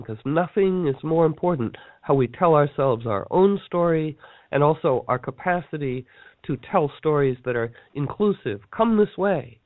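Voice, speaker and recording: A man teaches a course by telling long, rambling stories, acting out the quotes in them as he goes. His voice sits in a middle pitch and comes through a narrow, tinny phone line with no room sound at all. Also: no echo. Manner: rambling, animated, acts out quotes. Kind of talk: storytelling talk on a teleseminar.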